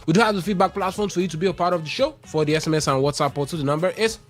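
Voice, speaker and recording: Radio sports host man over faint music. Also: on the high side. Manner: brisk, reads out contact details with repetition. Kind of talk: live radio sports talk. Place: radio studio.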